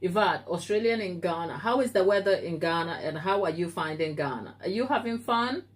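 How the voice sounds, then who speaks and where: A woman's voice: fairly low pitch, expressive, a little fast. A woman from Africa hosting a live baking stream from her kitchen, chatting playfully with viewers and teasing them by name. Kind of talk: casual live-stream chat reading viewer comments. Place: home kitchen.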